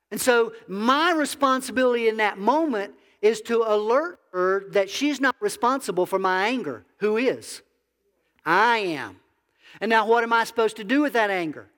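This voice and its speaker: A man's voice: sits high, expressive, moderate pace, a bit bright, big-room sound. A man, a biblical counselor, preaching a conversational sermon that asks the audience questions. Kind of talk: sermon to a congregation.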